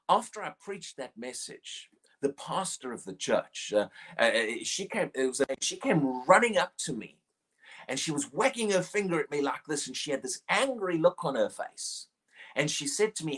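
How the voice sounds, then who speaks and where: A man's voice: medium pitch, fairly bright tone, breathy edge. A middle-aged man preaching a sermon in an earnest way, often repeating words as he starts a sentence.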